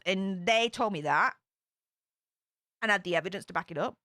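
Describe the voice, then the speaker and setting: A woman talks through a true crime case in a chatty, speculative way, full of ums and asides. Her voice sits at an ordinary middle pitch. The recording is close and dry, with no room sound. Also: moderate pace, a bit bright, no echo. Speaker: true crime channel host. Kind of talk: casual true crime commentary.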